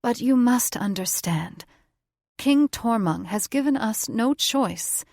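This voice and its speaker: A woman's voice: fairly high pitch, expressive, slow pace, creaky, a little mellow, no echo, studio quality, voice pushed up, heavily acted. A woman voicing an old grandmother witch who speaks fearfully and sighs, in a fantasy audiobook. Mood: pleading. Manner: fearful, sighing.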